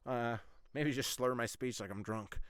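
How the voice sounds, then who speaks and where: In a studio-quality recording with no echo, a man hosting a podcast meanders through a story at a moderate pace. His mid-range voice is fairly bright with fairly even intonation, and he says "like" constantly and swears a lot.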